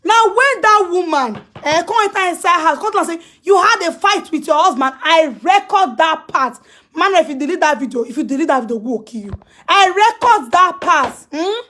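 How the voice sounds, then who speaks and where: On a phone live stream, a social media personality, a Nigerian woman with a Pidgin English accent and a strikingly high, piercing voice, rants and lectures. Animated and at a moderate pace, she scolds emphatically, repeating the same phrases again and again until her voice rises into shouts.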